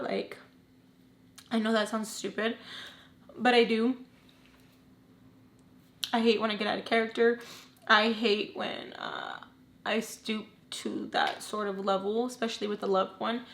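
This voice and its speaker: A woman's voice: takes it slowly, pauses often. Woman, storytime vlogger, casual storytelling, candid, blunt, swears freely, emotional. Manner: emotional, dropping low and quiet at times.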